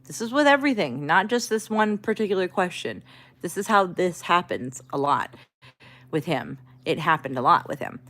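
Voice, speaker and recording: Woman streamer, low-ish voice, casual venting, exasperated. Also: lively intonation, normal speed, a bit bright. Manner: talks back to chat. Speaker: livestreamer. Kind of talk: casual livestream chat.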